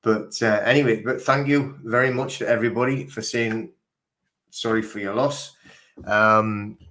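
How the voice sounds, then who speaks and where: A man hosting a casual livestream, talking in a halting, rambling way with many fillers, emotional and grieving. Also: fairly low pitch, steady tone, fairly bright tone. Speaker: livestream host. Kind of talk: casual live-stream chat.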